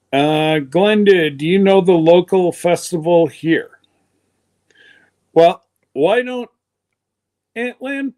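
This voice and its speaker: A man's voice: a little high, a little mellow. A man hosting a live stream in a folksy, meandering way, his chest congested from pneumonia. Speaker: livestream host. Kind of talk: rambling casual chat.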